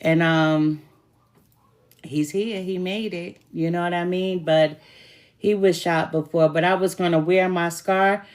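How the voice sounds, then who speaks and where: A woman's voice: fairly low pitch, steady tone, unhurried. A woman reading tarot as a self-styled good witch, talking casually to camera with laughs and a few swear words. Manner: chatty, laughing, swears while telling stories. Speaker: tarot reader calling herself a good witch.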